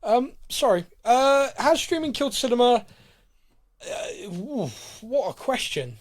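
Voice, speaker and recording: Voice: mid-range voice, sing-song, slow pace. A podcast host in casual, laughing, self-mocking chat.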